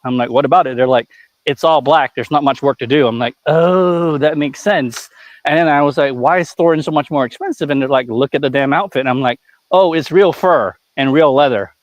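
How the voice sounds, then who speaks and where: Casting note: a man with a slightly high voice, a blunt, cursing live-stream host, dry close sound. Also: fairly quick, dry recording. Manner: blunt, profane, ranting. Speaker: figure store owner and stream host. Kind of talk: casual live-stream chat.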